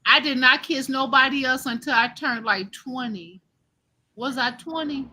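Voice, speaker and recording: Middle-aged woman host, AAVE, animated live-stream storyteller with a high, bright voice. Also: measured pace. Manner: animated, laughing, addresses listeners as y'all. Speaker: host telling a childhood story.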